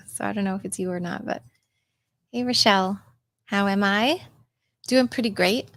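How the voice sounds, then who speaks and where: A woman's voice: mid-range voice, moderate pace, a bit bright. Chatty woman greeting her livestream viewers. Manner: chatty and affectionate, many ums and laughs. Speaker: coach and livestream host.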